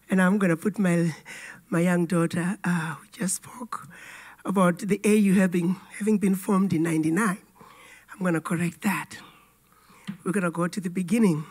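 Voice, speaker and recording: A woman giving a formal address to an audience, her voice raspy and hoarse from a cold, telling history in a measured, lightly humorous way. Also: fairly low pitch, a little mellow. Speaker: keynote speaker.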